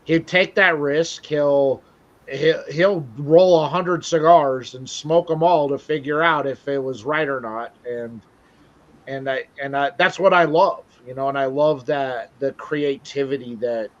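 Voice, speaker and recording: A man's voice: medium pitch, a little slow. A man hosting a casual interview, rambling and self-deprecating with many restarts. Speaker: show host. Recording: dull lo-fi audio.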